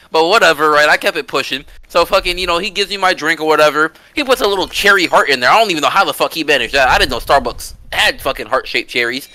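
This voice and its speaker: A man tells a story in casual chat, animated and swearing freely, full of slang. His voice is high and bright. The sound is close and dry, with no room around it. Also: quick pace, few pauses, dry recording. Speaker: storyteller on a podcast.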